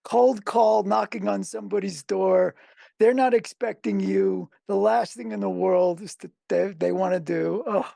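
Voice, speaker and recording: A podcast host chimes in with short, encouraging remarks. The voice is heavily gravelly and full of fry. It is recorded close and dry, with no room sound. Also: mid-range voice, steady tone, unhurried, warm tone, no echo. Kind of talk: interview conversation.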